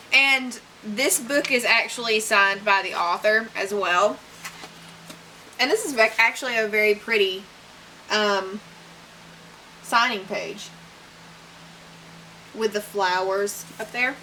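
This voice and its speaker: A woman's voice: on the high side, sharp tone, slight background noise, low-quality recording. A young woman unboxing books in a casual vlog, chatty and gushing, with fillers and little laughs. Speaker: book unboxing vlogger. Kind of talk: casual unboxing chat, reading blurbs aloud.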